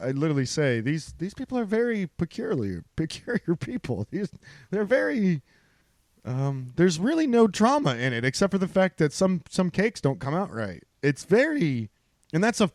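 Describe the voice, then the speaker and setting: A man's voice: high-pitched, sing-song, moderate pace, no echo, studio quality. An American man co-hosting a casual podcast, rambling and laughing often, with plenty of swearing. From United States. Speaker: podcast co-host. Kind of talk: casual banter.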